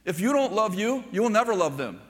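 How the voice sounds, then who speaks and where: Older male pastor, conversational storytelling sermon, bright tone, hall echo. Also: high-pitched, big pitch swings, a little fast. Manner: storytelling preacher, conversational asides to the congregation.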